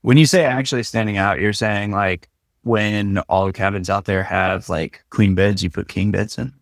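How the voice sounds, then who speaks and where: A man's voice: on the low side, steady tone, normal speed, gravelly, dry recording, clean studio sound. A man co-hosting a podcast, joking and telling stories in a loose conversational way. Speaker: podcast co-host.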